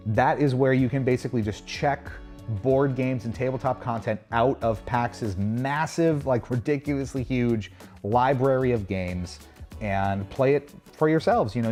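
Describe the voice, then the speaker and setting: A man's voice: medium pitch, darkish tone. A man hosting a casual livestream, rambling chattily through a convention show floor and chatting with viewers. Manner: rambling, chatty, restarts and asides. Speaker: host. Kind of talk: casual livestream walkthrough narration.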